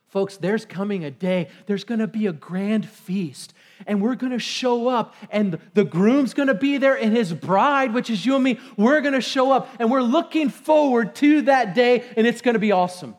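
A man with a very high voice delivers a church sermon, reading scripture aloud and breaking into excited shouts before calming himself back down. He preaches in an energetic, emotional way. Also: normal speed. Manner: excitable, bursts into shouts then reins himself in. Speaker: pastor. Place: church sanctuary.

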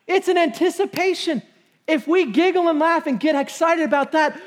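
Pastor, male, very high-pitched, excitable sermon delivery that swings from shouting to calm. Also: moderate pace. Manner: excitable, bursts into shouts then reins himself in. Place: church sanctuary.

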